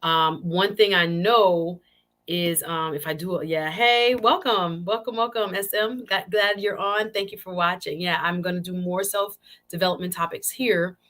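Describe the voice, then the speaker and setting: A woman's voice: lowish voice, steady tone, measured pace, a bit bright. A woman hosting her own live-stream talk show, chatting casually and animatedly with viewers and often repeating phrases. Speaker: show host.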